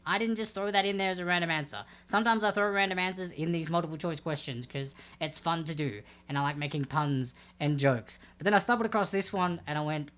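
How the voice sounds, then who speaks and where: A woman's voice: lowish voice, fairly bright tone. A young Australian woman hosting a livestreamed trivia game from home on a desk microphone, chatty and upbeat, drawing out the names in each question. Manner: chatty, upbeat, reads questions slowly and with emphasis. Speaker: trivia host. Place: home room with a backdrop. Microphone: desk microphone without headphones.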